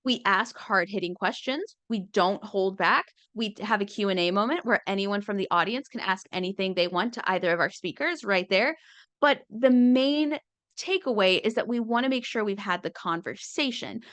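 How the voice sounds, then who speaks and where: A woman's voice: mid-range voice, fairly bright tone, dry recording. Wry conversational woman, dry sound. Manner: conversational and wry, slipping into quick impressions. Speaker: comedian and speaking coach. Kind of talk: casual talk with acted-out quotes.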